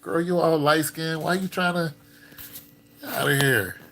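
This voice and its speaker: A man's voice: fairly high pitch, a little slow, background noise. A man on a livestream, casually commenting on scam messages and chatting with viewers in a loose, filler-heavy way. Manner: loose and conversational, lots of fillers; gets loud and excited chatting with viewers. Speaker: streamer.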